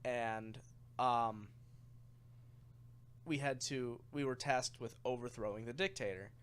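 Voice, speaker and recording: A man's voice: mid-range voice, takes it slowly, clear, resonant tone. A young man casually telling a rambling tabletop game story on a podcast, getting worked up and swearing as it goes. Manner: rambling, animated, swears when excited.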